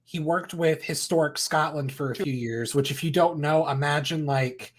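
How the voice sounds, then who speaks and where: A woman guest on a livestream telling a story in a rambling, animated way, full of fillers. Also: deep voice, normal speed. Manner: rambling, many fillers, animated when quoting. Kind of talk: casual storytelling.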